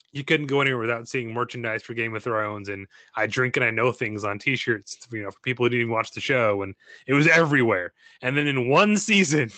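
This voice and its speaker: Bright-voiced joking podcast host. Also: male voice, medium pitch, no echo. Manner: joking, animated, swears casually. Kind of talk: casual podcast chat.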